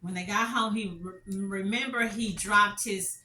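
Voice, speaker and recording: A woman's voice: mid-range voice, fairly even intonation, measured pace, sharp tone, roomy sound, recorded from a distance, a little hiss or hum. A middle-aged woman telling stories as a commentary vlogger, passionate and repetitive, full of rhetorical questions. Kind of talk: emotional storytelling commentary.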